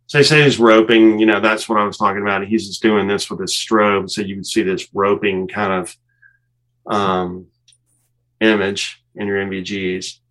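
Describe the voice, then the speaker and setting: A man, a former fighter pilot, calmly explaining cockpit footage step by step and laughing at himself now and then. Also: lowish voice, moderate pace, rough recording. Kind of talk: walking through cockpit footage.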